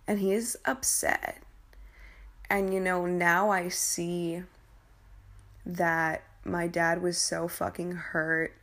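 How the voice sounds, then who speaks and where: A young woman telling a painful personal story in a candid, emotional way, swearing freely and often halting and restarting. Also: lowish voice, little pitch movement, fairly bright tone.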